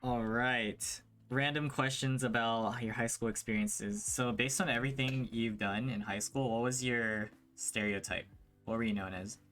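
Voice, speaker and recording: A man's voice: mid-range voice, steady tone, moderate pace, fairly bright tone. A man hosting a podcast, asking questions and giving short acknowledgments in a casual interview. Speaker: podcast host.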